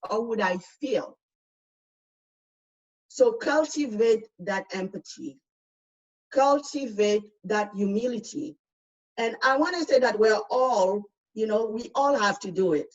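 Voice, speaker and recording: A woman's voice: mid-range voice, recorded from a distance, highs cut off. A woman with a foreign accent gives outspoken, emphatic personal testimony as a speaker in a panel discussion over a video call.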